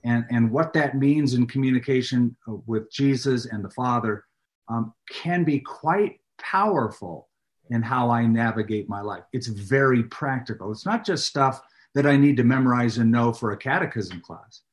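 Animated middle-aged preacher in a chat. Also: male voice, medium pitch, moderate pace. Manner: animated, speaks with a preacher's emphasis. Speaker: pastor and author, guest. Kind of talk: casual interview chat.

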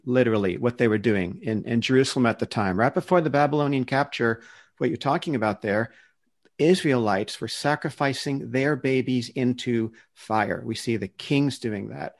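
A man with a medium-pitched voice talks at a normal speed in a casual discussion. He earnestly defends a Christian view, often restarting his sentences while he searches for the right words.

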